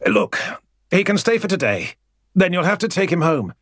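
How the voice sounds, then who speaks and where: A man's voice: sits high, very animated, moderate pace, fairly bright tone, no room sound, pitched above the performer's own voice, exaggerated voice. A man playing a flustered new newspaper editor who tries to sound firmer than he feels. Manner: flustered, trying to sound firm.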